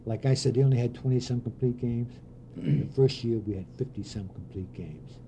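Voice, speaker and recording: An older man, a former pitching coach, telling anecdotes in an interview and voicing the people he quotes. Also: moderate pace, slight background noise. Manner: animated anecdotes with voiced quotes and laughs. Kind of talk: storytelling interview.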